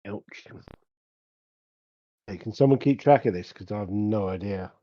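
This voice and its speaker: A man playing in a tabletop game over online voice chat, making short, direct moves and asking quick questions. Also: lowish voice, warm tone, dry recording, lo-fi sound. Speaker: player.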